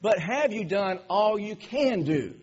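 A male preacher telling a story in a sermon, animated, stumbling over restarts and laughing along the way. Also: sits high, a little slow, slightly rough. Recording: dull lo-fi recording.

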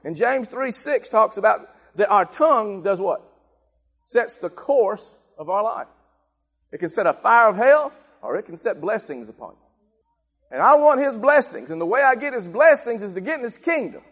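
A male pastor with a fairly high voice preaches an emphatic sermon. He repeats his points and swells into shouted calls for the congregation to repeat after him. The sound carries the long reverb of a church hall. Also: sing-song, moderate pace, slightly rough. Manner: emphatic, rising to shouted call-and-response. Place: church sanctuary.

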